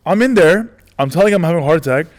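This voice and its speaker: A man in his forties, a comedian telling stories in a casual interview, rambling and animated, acting out the dialogue. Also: on the high side, racing. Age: 40s. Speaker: comedian guest.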